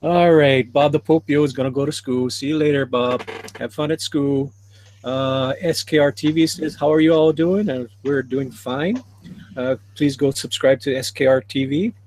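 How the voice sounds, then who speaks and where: A man's voice: medium pitch, normal speed, a little mellow, slight background noise. A man hosting a casual livestream, reading viewer comments aloud and chuckling often. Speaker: livestream host reading chat.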